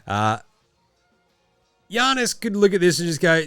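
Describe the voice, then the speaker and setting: A man hosting a casual, sweary sports commentary show, full of sarcastic, animated rants. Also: sits high, measured pace, clean tone, no echo, clean studio sound, soft background music. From Australia. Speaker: podcast host.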